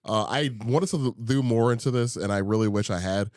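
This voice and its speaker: A man's voice: on the low side, a little fast, darkish tone, dry recording, clean studio sound. A young man co-hosting a casual podcast chat. He laughs often and talks with many fillers and restarts. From Indiana, USA. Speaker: podcast co-host.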